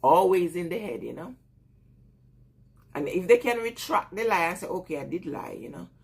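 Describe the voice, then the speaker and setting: A woman with a Jamaican accent talks casually on her live stream, greeting viewers by name and breaking into laughs between thoughts. Her voice sits fairly low and has a husky, breathy grain. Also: lively intonation, moderate pace.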